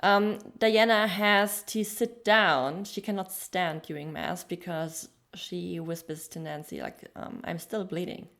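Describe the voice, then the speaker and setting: A woman's voice: on the low side, animated, slow pace, vocal fry, hardly any pauses, a bit bright. A woman co-hosting a podcast, reviewing a TV episode in casual chat, with frequent ums. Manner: chatty, frequent ums, laughs while telling details. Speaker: podcast co-host.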